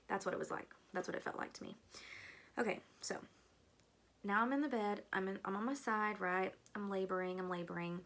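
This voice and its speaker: Young woman vlogger, mid-pitched and a little gravelly, telling a personal story casually with asides and fillers. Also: fairly even intonation, moderate pace, long pauses, fairly bright tone. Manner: chatty, rambling with fillers and asides to viewers.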